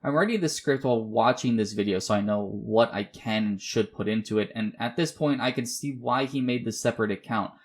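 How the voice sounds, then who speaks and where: A man hosting a commentary video, reading his script somewhat haltingly in a measured, questioning tone. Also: mid-range voice. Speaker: YouTube commentary host.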